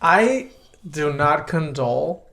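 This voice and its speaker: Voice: mid-range voice, animated, creaky, a bit bright. Opinionated podcast co-host, emphatic chat. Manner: opinionated, emphatic, quick asides. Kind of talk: casual chat.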